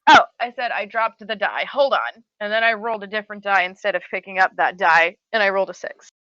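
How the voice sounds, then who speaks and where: A woman's voice: mid-range voice, brisk, bright, forceful tone, dry recording. A woman playing a tabletop game, chatting in a playful, cheerful way. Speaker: player. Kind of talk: casual chat at a game table. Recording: slightly dull, lo-fi sound.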